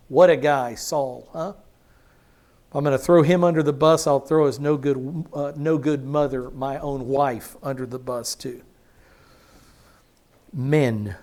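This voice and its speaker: A man teaching a sermon on a Bible book, dramatically acting out the characters and asking the audience rhetorical questions. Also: a little high. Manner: dramatic, acts out the quoted speakers. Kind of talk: expository sermon.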